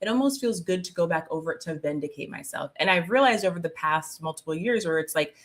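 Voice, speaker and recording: Woman, slightly low voice, casual livestream chat, laughs a lot, lots of fillers. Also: animated, quick pace. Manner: chatty, laughs often, reads viewer comments aloud; filler-heavy with "like" and "um". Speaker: spiritual coach hosting a live stream.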